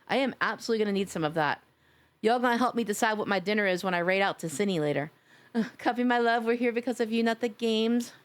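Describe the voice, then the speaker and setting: A woman live-streaming, chatting casually with her viewers, gushing and playful as she reads chat aloud. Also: medium pitch.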